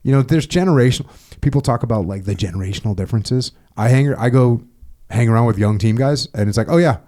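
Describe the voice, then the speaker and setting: Mellow-voiced middle-aged podcast host. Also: male voice, mid-range voice, fast talker. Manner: blunt, energetic, laughs easily. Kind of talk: casual podcast conversation.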